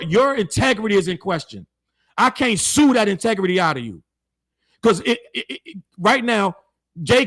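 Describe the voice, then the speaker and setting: A man's voice: high voice, fairly bright tone. Blunt, heated man giving his hot take. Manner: blunt, heated, slangy, repeats points for emphasis. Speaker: show host. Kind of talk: opinionated commentary to camera.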